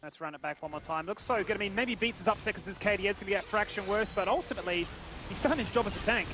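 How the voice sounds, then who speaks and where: Male play-by-play caster, playful, rapid delivery, music underneath. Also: high-pitched. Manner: excitable, playful. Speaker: esports caster. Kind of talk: play-by-play commentary. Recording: music bed behind.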